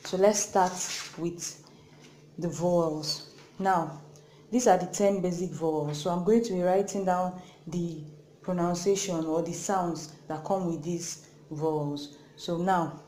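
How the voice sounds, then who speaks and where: A woman from Nigeria with a Nigerian accent, hosting a lesson and slowly repeating each sound several times. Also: fairly low pitch, fairly even intonation, dark tone, reverberant, slight background noise, rough recording. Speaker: Korean language teacher, channel host. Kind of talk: slow spoken lesson.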